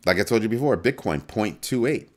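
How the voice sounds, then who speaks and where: This crypto live-stream host has a lowish voice and talks fairly quickly. He's casual as he goes over the numbers, flipping animatedly from calm to mock panic.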